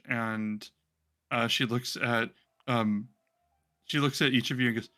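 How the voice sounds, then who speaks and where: A man narrating as game master of a tabletop game, rambling with many pauses and restarts. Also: mid-range voice, steady tone, bright, forceful tone, soft background music.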